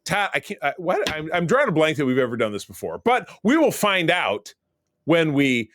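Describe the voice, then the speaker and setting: A man's voice: a little high, big pitch swings, moderate pace, a bit bright, no echo. Male host, rambling conversational delivery, dry close recording. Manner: rambling, chatty show recaps. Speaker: podcast host. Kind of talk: casual chat.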